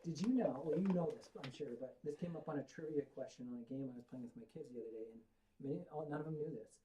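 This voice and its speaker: A woman's voice: sits low, racing, heavy background noise. A middle-aged woman hosting a podcast in casual chat, rambling and poking fun at herself. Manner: rambling and self-mocking. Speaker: podcast host.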